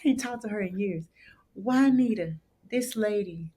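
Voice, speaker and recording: A woman's voice: normal speed, a little hiss or hum. A woman in her thirties from Michigan, a gospel singer telling a story as an interview guest and acting out the people she quotes. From Saginaw, Michigan, USA. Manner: lively storyteller who acts out the people she quotes in high voices. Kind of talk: animated storytelling in conversation.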